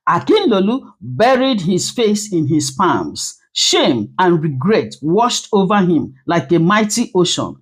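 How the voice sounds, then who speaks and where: A woman narrating a dramatic story in an expressive storytelling manner. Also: on the low side, takes it slowly, hardly any pauses, husky.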